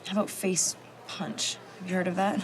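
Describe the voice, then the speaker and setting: An actress playing a withdrawn, reckless young woman who speaks softly and hesitantly. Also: fairly low pitch, little pitch movement, moderate pace, a little hiss or hum, close to an everyday voice. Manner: soft, hesitant delivery. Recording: film soundtrack with music underneath.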